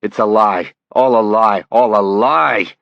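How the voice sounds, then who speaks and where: A man's voice: on the low side, slow pace, gravelly, no room sound, pitched above the performer's own voice. A man doing a screaming, furious man. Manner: screaming accusations. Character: furious, shaken grown man lashing out. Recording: dull lo-fi audiobook recording.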